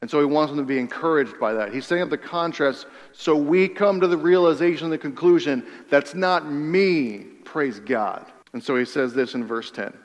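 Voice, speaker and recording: A man preaching a sermon, earnest and insistent, with a voice that sits a little high for a man. He repeats phrases for emphasis and sinks to a near hush on his weightiest lines. His voice rings out with a long reverb, as in a large church sanctuary. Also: lively intonation, brisk, hardly any pauses. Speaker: pastor.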